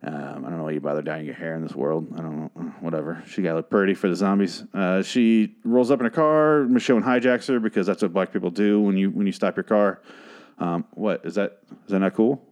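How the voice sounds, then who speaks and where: A man casually recapping a TV episode in a sarcastic, profane, rambling way, sometimes trailing off into quiet mutters. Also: deep voice, steady tone, brisk. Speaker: show recap host.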